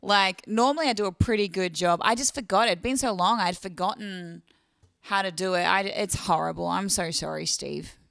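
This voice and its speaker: An Australian woman hosting a casual livestream, chatty and quick to laugh, reading viewer comments aloud. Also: mid-range voice, vocal fry, a bit bright, no echo, studio quality. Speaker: livestream host.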